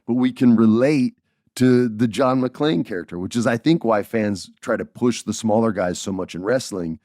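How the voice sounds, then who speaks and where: A man in his forties hosting a podcast, telling stories in a lively, joking way and laughing as he goes. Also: fairly low pitch, normal speed, no echo, studio quality. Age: 40s. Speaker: podcast host. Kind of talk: casual storytelling podcast.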